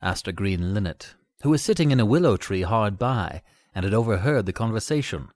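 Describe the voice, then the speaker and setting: Expressive low-voiced man reading a fairy tale. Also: brisk, no echo. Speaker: storyteller.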